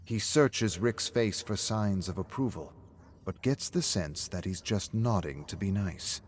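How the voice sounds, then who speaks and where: A man with a low voice narrates a story in a measured, scripted way. A faint hiss sits under his voice. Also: animated.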